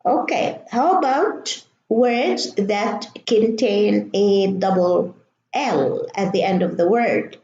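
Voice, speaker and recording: A woman teaching English pronunciation, reading word lists aloud slowly and deliberately, with fillers now and then. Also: mid-range voice, animated, warm tone. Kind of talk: slow classroom-style pronunciation lesson. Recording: roomy, dull lo-fi recording.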